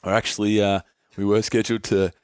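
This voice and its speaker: A man's voice: fairly low pitch, flat delivery, a little fast, darkish tone, clean tone, dry recording, studio quality. A man hosting a podcast, reading ads casually and stumbling over words, cursing his own slips. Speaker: podcast host. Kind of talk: casual podcast chat and ad read.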